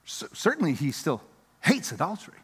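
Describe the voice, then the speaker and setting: A man's voice: on the high side, huge pitch swings, brisk, fairly bright tone, slightly rough, in a large hall. A man pastor preaching a sermon in a church, earnest and emphatic, asking the congregation rhetorical questions.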